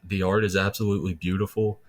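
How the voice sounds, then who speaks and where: A man's voice: low voice, level tone, fast talker. A man talking as a podcast guest in casual, enthusiastic chat, rambling a little with restarts.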